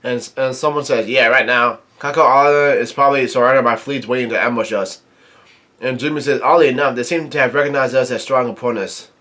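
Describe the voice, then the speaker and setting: Man, middle pitch, halting reader who recaps a comic chapter and reads the dialogue flatly. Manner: halting reading, quotes dialogue without acting it. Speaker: manga reviewer. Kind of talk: reading aloud and commenting on a comic chapter.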